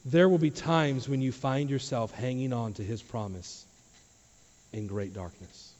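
Dynamic man preaching in a reverberant church. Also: unhurried. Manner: swings from low quiet asides to loud emphatic questions. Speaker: pastor. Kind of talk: sermon. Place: church sanctuary. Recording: dull sound with long hall reverb.

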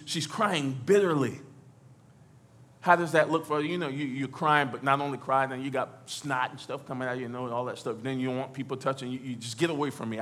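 A man preaching as pastor, talking to the congregation conversationally, acting out quotes and building to loud exhortation. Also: medium pitch. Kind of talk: sermon.

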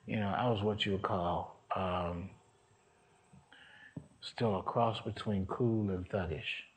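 Slow and steady, a man with a low-pitched voice preaches a testimony drawn from his own life. He performs the voices of the story's characters, his storytelling occasionally rising into shouts.

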